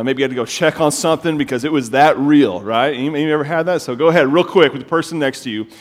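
A middle-aged pastor with a medium-pitched voice preaches a sermon, telling stories in an animated way and often repeating words as he gets excited.

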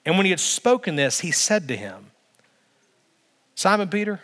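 A man preaching a sermon as pastor, emphatic, building through repeated phrases with slow dramatic pauses. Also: on the high side, huge pitch swings, fairly bright tone. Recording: long reverb of a large hall.

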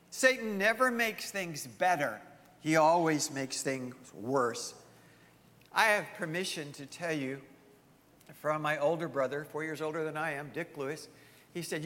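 A man's voice: on the high side, lively intonation, a little slow, fairly bright tone, long reverb tail. A male pastor preaching a sermon emphatically, firing off rhetorical questions to his congregation.

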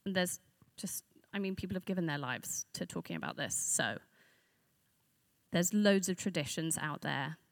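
A woman's voice: fairly low pitch, lively intonation, moderate pace, no echo. A woman giving a conversational sermon to a church group, earnest and reflective, speaking off the cuff.

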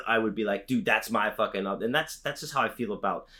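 A man's voice: fairly low pitch, quick pace, sharp tone. A man hosting a podcast, rambling and joking with lots of swearing. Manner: profane, rambling, jokey. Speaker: podcast host. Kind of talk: casual podcast chat.

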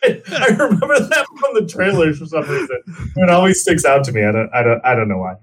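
A man's voice: a little high, huge pitch swings, fast. A man co-hosting a casual movie podcast, rambling with fillers and laughing often. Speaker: podcast co-host.

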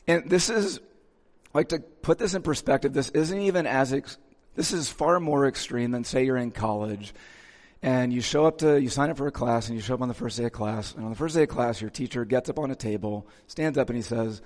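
Male pastor, relaxed sermon style, average pitch, long reverb of a big sanctuary. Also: a little fast. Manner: casual, checks in with listeners. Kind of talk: conversational sermon.

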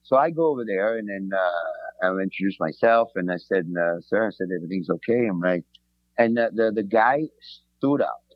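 Low-voiced chef telling stories. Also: male voice, normal speed, no room sound, muffled recording. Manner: rambling, repeats words, animated retelling. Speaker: chef and podcast guest. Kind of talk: casual storytelling chat.

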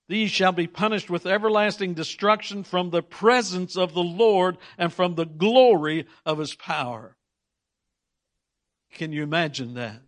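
A man's voice: high-pitched, fairly bright tone. A man preaching a sermon, reading scripture aloud and repeating words for emphasis while he puts questions to his congregation.

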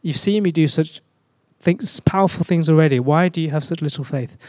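A man voicing a calm teacher gently rebuking his frightened followers. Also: a little high, brisk, no room sound, close to an everyday voice. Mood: reproachful. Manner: quiet, gently reproachful.

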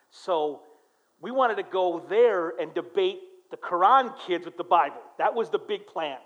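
A middle-aged man preaching a sermon as pastor in church, telling stories with animated voices for the people he quotes, moving between quiet and loud. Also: a little high, dull audio.

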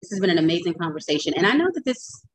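A woman hosting a podcast, talking in a chatty, animated way and laughing often. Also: on the low side, very fast, rough recording. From United States. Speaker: podcast host. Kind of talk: casual interview chat.

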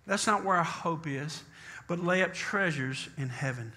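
Emphatic man preacher with a bright, forward voice, slows for scripture. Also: on the high side. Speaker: pastor. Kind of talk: sermon.

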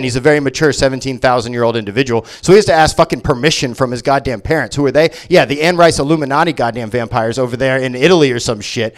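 A man doing a stand-up comedy set, ranting sarcastically with lots of swearing. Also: mid-range voice. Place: comedy venue.

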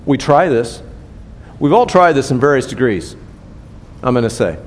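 A man's voice: medium pitch, expressive, normal speed. An older man preaching a sermon in a conversational way, often asking the congregation questions and tagging his points with "right?". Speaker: pastor. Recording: long hall reverb.

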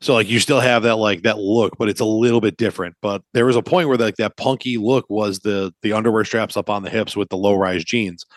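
Low-voiced man telling profane stories. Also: a little fast, few pauses, no echo. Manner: profane, animated storytelling. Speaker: podcast co-host. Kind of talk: casual podcast chat.

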